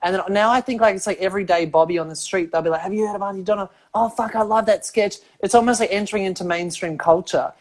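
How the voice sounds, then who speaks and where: A woman's voice: mid-range voice, fast, hardly any pauses. A woman hosting a podcast, asking loose, chatty questions full of fillers. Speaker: podcast host. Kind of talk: casual interview.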